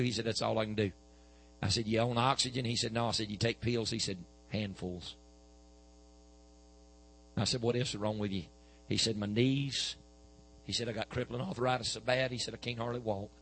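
A man's voice: mid-range voice, creaky, fairly bright tone, breathy edge, rough recording. A man, preaching a sermon and telling a healing story with quoted back-and-forth dialogue.

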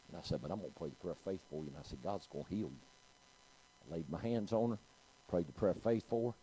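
A man's voice: low voice, quick pace, warm tone, rough recording. A middle-aged man, preaching a sermon and telling a story, calling out to his congregation. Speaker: pastor.

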